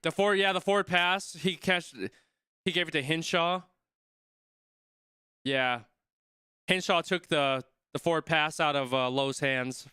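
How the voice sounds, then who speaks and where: A young man talks casually through a live match, thinking aloud and stopping halfway through sentences as he reads viewer comments. His voice is bright and crisp, a bit higher than most men's, and it sits close and dry on the mic. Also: unhurried, pauses often, no room sound. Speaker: streamer reacting to a rugby match.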